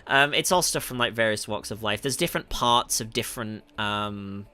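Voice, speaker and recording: A man's voice: lowish voice, normal speed, bright, forceful tone, clean tone. A man from the north of England with a Northern English accent, chatting through a livestream Q&A as a music producer, laughing often and correcting himself with lots of ums. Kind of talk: livestream Q&A, reading chat questions.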